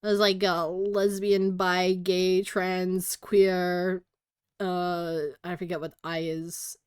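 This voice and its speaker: A woman's voice: on the low side, flat delivery, slow, clear, resonant tone, no echo, studio quality. A giggly, hyper Australian woman rambling in casual live-stream chat as a streamer.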